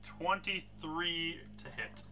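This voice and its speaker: A man narrating a tabletop game as game master in a relaxed way with frequent fillers. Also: fairly high pitch, takes it slowly, noisy background.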